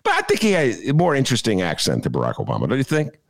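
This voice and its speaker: Lively-pitched joking male podcast host. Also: fast, gravelly, few pauses. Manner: jokey, digressive, full of filler "uh"s; slips into mock voices and laughs at his own jokes. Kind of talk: rambling comic chat.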